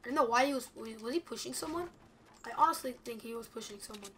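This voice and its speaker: A young woman with a bright, clear voice that sits a little high talks through her own gameplay as it happens. She is chatty and jittery, often talking straight to her viewers. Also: quick pace, a little hiss or hum. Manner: anxious, chatty, addresses viewers as guys. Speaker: gameplay video creator. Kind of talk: live gameplay commentary.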